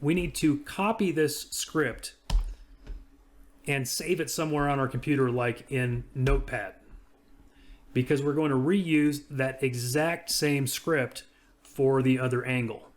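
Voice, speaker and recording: Casual man narrating a software demo. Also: mid-range voice, fairly even intonation, a little slow. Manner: casual, talks through each click. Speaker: software reviewer. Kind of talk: screen-recorded software walkthrough.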